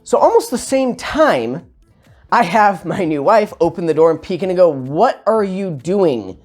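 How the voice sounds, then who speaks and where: A man telling a funny personal story in a casual, animated, self-mocking way, with sarcastic asides. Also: sits high, moderate pace, soft background music.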